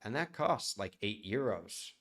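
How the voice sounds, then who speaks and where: A man's voice: lowish voice, sing-song, a little slow, fairly bright tone. A man from the United States, a chef chatting casually on a live stream and answering viewer questions in a rambling way.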